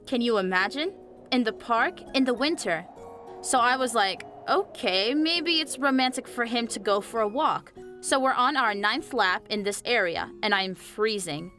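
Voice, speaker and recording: A young woman narrating a scripted animated story, chatty and speaking straight to viewers. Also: fairly high pitch. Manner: chatty, addresses viewers directly. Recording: faint music behind the voice.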